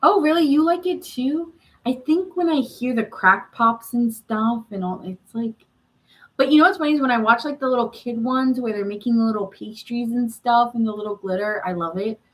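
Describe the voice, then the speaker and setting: A woman's voice: fairly high pitch, moderate pace, low-quality recording. A woman hosting a live tarot reading stream, chatting casually and answering viewer comments with frequent laughs.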